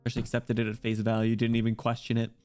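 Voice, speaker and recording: A man's voice: medium pitch, completely flat delivery, fast talker, a little mellow, soft background music. A man streaming a game, chatting casually, joking and swearing. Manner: joking, crude, laughs easily. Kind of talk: casual gaming commentary with read-aloud dialogue.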